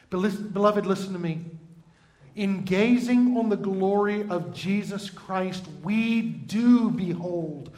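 Man, pastor, sermon, high voice, conversational asides, roomy echo. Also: takes it slowly, darkish tone. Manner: conversational preaching with asides to the congregation.

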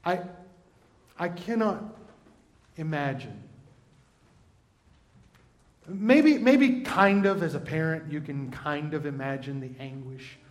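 A man's voice: fairly high pitch, expressive, slow pace, long pauses. A man preaching a sermon, talking in a conversational way and turning often to the congregation. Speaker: pastor. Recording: roomy echo.

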